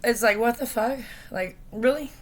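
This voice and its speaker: A woman speaking into a phone camera in a rambling, distressed rant, halting and profane, with many fillers. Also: a little high. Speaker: vlogger.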